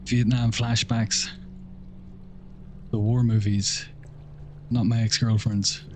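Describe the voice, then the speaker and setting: A man's voice: on the low side, little pitch movement, takes it slowly, a little mellow, a little hiss or hum. A man from Ireland with a mild Irish accent, chatting casually with viewers while streaming a game. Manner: laid-back, chatty, thanks viewers. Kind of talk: casual livestream chat while gaming.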